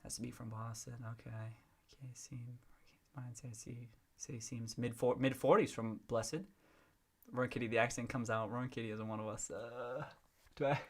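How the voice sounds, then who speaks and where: Here the livestream host speaks briskly at medium pitch, his tone steady. Chatty and playful, he reads viewer comments aloud and reacts to them, frequently laughing and starting sentences over.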